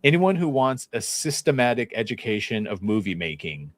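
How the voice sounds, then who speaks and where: A man's voice: mid-range voice, very animated, normal speed. A man on a film-talk panel who reads out viewer comments in a joking, playful way. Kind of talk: casual panel chat.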